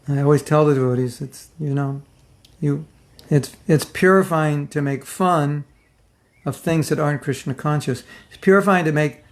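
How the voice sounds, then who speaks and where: A middle-aged man giving an informal, humorous spiritual class, joking with his listeners and acting out their reactions. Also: on the high side. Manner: joking, conversational, mimics others' reactions.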